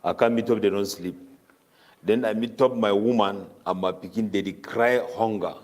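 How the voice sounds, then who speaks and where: A man preaching a Ramadan tafseer sermon in Cameroonian Pidgin English, chanting Arabic verses rapidly between his explanations. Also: fairly low pitch, fairly even intonation, darkish tone.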